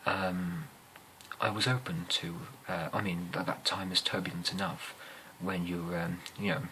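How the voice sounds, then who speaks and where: A young man with an English accent telling rambling, amused school stories in a soft-spoken ASMR style, often slipping into whispers and hesitating with fillers. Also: sits low, little pitch movement, unhurried, slight background noise, low-quality recording. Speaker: ASMR storyteller.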